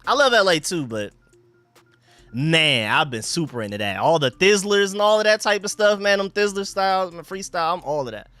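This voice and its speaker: A young man from Atlanta hosting a casual sports live stream, reading out chat shout-outs in loose slang. He repeats phrases and swings between hyped calls and low mumbles. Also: lively intonation, a little fast, no room sound, soft background music. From Atlanta, Georgia. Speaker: livestream host.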